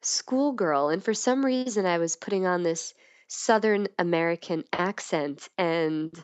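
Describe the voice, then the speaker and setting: A woman's voice: on the low side, a little slow, smooth, no echo. A woman guest in a casual podcast chat, talking candidly and playfully, with frequent laughs and restarts.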